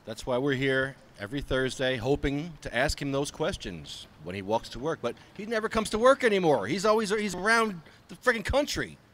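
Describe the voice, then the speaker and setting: A man's voice: on the high side, very animated, a little fast, hardly any pauses, fairly bright tone. A man hosting a live political talk show, combative and sarcastic.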